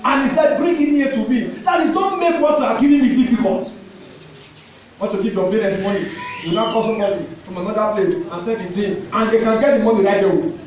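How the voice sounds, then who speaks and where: Nigerian man, pastor, high-pitched, exhorting and repetitive, echoey distant hall sound. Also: quick pace. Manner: exhorting, switches into pidgin, repeats phrases. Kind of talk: sermon. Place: church hall. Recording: echoey church hall, mic at a distance, faint ambience.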